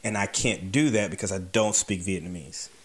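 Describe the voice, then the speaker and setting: Lowish man telling a wry story. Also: moderate pace. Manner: conversational, wry, repeats words for emphasis. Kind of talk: casual personal anecdote.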